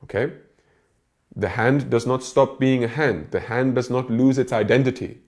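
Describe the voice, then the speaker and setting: A man's voice: mid-range voice, normal speed, a little mellow. A man giving a recorded lecture as a spiritual teacher, explaining step by step and checking in with his listeners.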